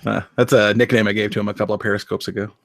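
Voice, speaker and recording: A man hosts a casual podcast chat and drops short, joking asides. His voice sits low. The recording is dry and close. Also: level tone, racing, fairly bright tone, no echo. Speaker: podcast host.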